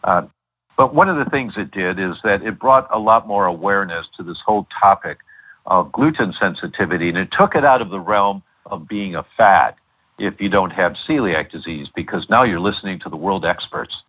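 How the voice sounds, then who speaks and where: A middle-aged man talks as an interview guest, his very low voice carrying a husky edge. He wanders through stories with frequent fillers and false starts. The sound is dull and lo-fi, like a call recording. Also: expressive, normal speed. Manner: storytelling, many fillers and restarts. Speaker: guest doctor and lecturer.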